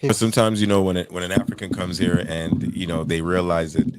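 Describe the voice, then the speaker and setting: A man co-hosting a podcast in casual chat, telling stories with lively acted-out quotes and loose swearing. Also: low-pitched, brisk, heavy background noise. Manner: animated storytelling, acts out quoted voices, swears freely. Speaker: podcast co-host.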